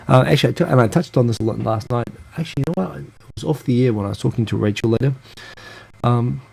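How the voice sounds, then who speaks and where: A man's voice: mid-range voice, big pitch swings, brisk, gravelly, a little mellow. A man hosting a live stream, chatting loosely as he reads out viewer comments, rambling with lots of asides.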